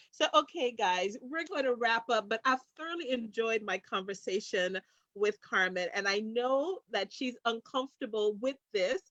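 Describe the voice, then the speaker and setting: A woman's voice: on the high side, a bit bright, no echo. A woman hosting an interview, encouraging her guest and reading out viewer comments. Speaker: host. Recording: dry, muffled lo-fi audio.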